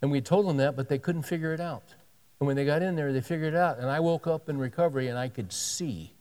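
A man's voice: a little high, quick pace, a little mellow, big-room sound. A male pastor telling a story in a sermon, animatedly acting out the dialogue of the people in it.

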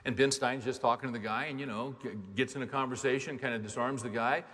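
A man's voice: medium pitch, fairly even intonation, fast, fairly bright tone. A man preaching a sermon in an emphatic, conversational way, asking the congregation rhetorical questions. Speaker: pastor. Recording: long hall reverb.

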